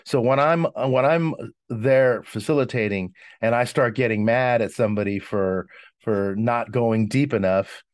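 A man's voice: medium pitch, a little slow, no room sound, studio quality. A man who facilitates breathwork, talking reflectively in a casual conversation and often restarting his sentences. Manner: reflective, explanatory, frequent restarts.

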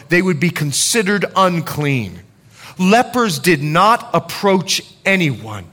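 A male pastor preaching a sermon, swinging from loud urgency to hushed confession. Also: fairly high pitch.

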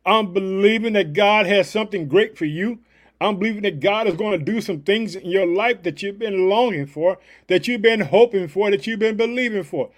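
A man's voice: high-pitched, fairly quick. A man preaching a devotional podcast sermon, fired up and emphatic, leaning on repeated catchphrases.

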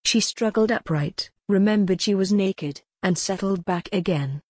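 A woman reading a novel aloud in a measured, even scripted narration. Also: medium pitch, no room sound, studio quality. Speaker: audiobook narrator.

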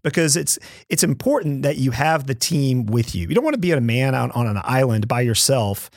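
A man on a podcast calmly explaining leadership steps in a conversational way. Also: mid-range voice, no echo, studio quality. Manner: measured, explains step by step with acted-out quotes.

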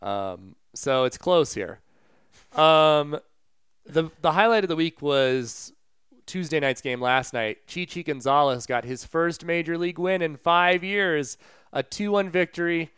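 A man's voice: on the high side, a little slow, fairly bright tone, clean tone, no echo, studio quality. A man co-hosting a casual sports podcast, chatting loosely and retelling stories with fillers and asides. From Colorado. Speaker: podcast co-host.

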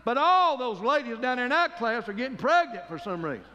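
A man's voice: extremely high pitch, big pitch swings, brisk, sharp tone, big-room sound, dull audio. A man preaching a fervent sermon as pastor, calling for amens from the congregation.

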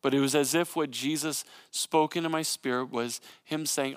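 A man in his thirties preaching a sermon, moving between impassioned, repetitive preaching and quiet personal storytelling. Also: medium pitch, fairly even intonation, normal speed, clean tone, dry recording, clean studio sound. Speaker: pastor.

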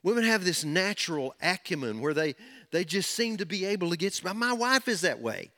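A man preaching with a fairly high voice. He talks emphatically, circling back on key phrases and pushing harder as he goes. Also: very animated, moderate pace, pushed and bright. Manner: emphatic, repeating key phrases, building in intensity. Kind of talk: sermon.

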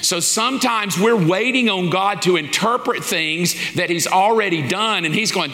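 A high-pitched, sharp-toned pastor talks at a moderate pace with few pauses, teaching a lesson series. His sermon is informal and folksy, with little quoted asides he acts out, and a large hall lends it a long reverb.

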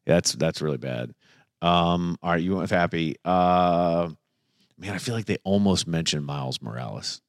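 A middle-aged man co-hosting a casual movie chat, animated, laughing easily, with stumbling restarts. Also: sits low, moderate pace, no echo, clean studio sound. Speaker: podcast co-host.

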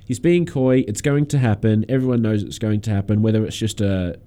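A man's voice: lowish voice, fairly quick, mellow. A young man co-hosting a casual radio music show, giving long opinionated takes. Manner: opinionated, talks at length. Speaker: radio co-host.

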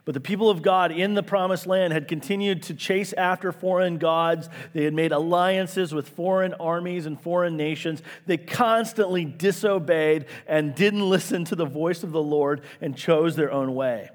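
A man delivers a sermon with earnest emphasis, swinging from exasperated outcries down to hushed, low lines. His voice sits a little high for a man. Long reverb trails behind him, as in a large hall. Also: moderate pace, few pauses. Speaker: pastor.

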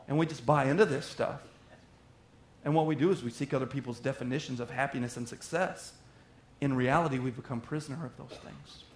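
A man preaching a sermon in an animated way, slipping into little acted-out voices of everyday people. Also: medium pitch, fairly quick. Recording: roomy echo.

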